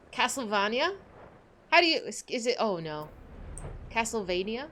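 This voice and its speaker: A woman from Los Angeles, chatting excitably with viewers during a gaming livestream, laughing often. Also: fairly high pitch, slight background noise. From Los Angeles, USA. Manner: excitable, giggly, greets viewers. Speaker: game streamer. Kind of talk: casual livestream chat while gaming.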